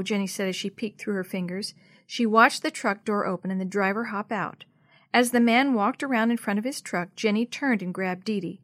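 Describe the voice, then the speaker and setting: Expressive woman storyteller reading to children. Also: medium pitch, normal speed, no room sound, clean studio sound. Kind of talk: read-aloud storytelling for children.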